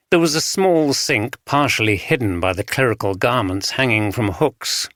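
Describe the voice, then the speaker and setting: A man narrates a scripted audiobook in a low-leaning voice, his storytelling steady and measured, captured as a dry recording with clean studio sound.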